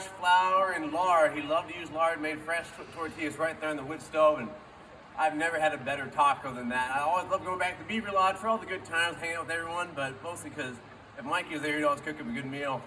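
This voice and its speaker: A man's voice: fairly high pitch, fast. A man speaking as a friend at a memorial, telling an informal story and acting out the quoted dialogue. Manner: acts out quoted dialogue with lively shifts. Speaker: friend giving a memorial speech. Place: memorial gathering. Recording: distant mic with faint background noise.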